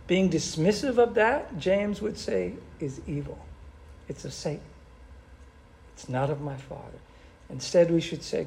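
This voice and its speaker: Man, pastor, sermon, gravelly, slightly high voice, animated. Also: unhurried, long pauses. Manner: animated, conversational preaching.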